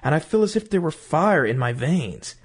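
A man voicing a guilt-stricken wicked stepmother, crying out in shrill panic. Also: big pitch swings, moderate pace, husky. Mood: panicked.

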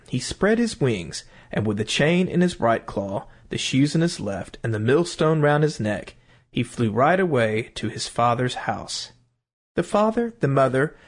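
Man reading a fairy tale with a lively pitch. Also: normal speed. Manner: expressive, melodic reading. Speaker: storyteller. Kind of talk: storybook read-aloud.

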